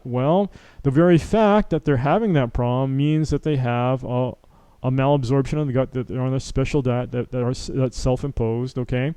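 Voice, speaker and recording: A man's voice: mid-range voice, normal speed, mellow, clean tone, no room sound. Man giving a chatty medical lecture. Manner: conversational, acts out patient dialogues, frequent "okay?" and "right?" tags. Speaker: physician lecturing.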